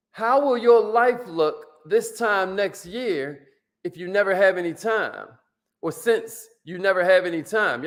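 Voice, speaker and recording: A man's voice: high-pitched, a bit bright. A man coaching business owners on sales with an emphatic, preachy manner, acting out bits of dialogue. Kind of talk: motivational teaching talk.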